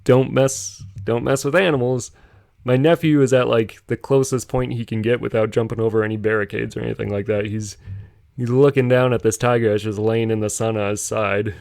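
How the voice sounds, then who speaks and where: A man's voice: fairly low pitch, fairly even intonation, fairly quick, vocal fry, a little mellow, dry recording, clean studio sound. A young man casually telling a rambling story on a podcast, chuckling as he goes. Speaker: podcast host.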